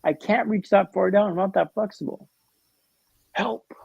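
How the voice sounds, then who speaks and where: A man telling a vivid, humorous story with dramatic pauses as a guest in a podcast interview, on a dull, lo-fi recording. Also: sits high, gravelly, a little mellow, breathy edge, no echo.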